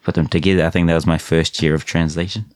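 A man's voice: low voice, flat delivery, fast talker, no room sound, studio quality. A man hosting a podcast who works as a translator, chatting in an easygoing way with plenty of "um" and "uh". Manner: easygoing, hesitant with many "um" and "uh" fillers. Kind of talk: casual chat.

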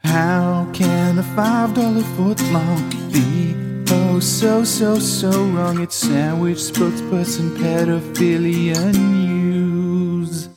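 A slow, sing-song jingle singer drags every word out in a hammy, overblown croon, as a man puts it on for a laugh. The voice sits a little high and is loud and showy. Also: fairly even intonation, loud music behind the voice. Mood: mock-dramatic. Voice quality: drawn-out, sing-song delivery.

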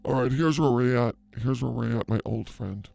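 Man doing a crude fake psychic, brash rambling banter, comedy sketch, gravelly fry, middle pitch. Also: normal speed, darkish tone. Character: brash flirty male fake psychic healer. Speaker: comedy show host.

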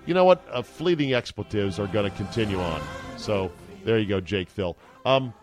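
A man hosting a sports podcast, talking casually with a wisecracking, profane, animated manner. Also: on the low side, normal speed, over music. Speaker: podcast host.

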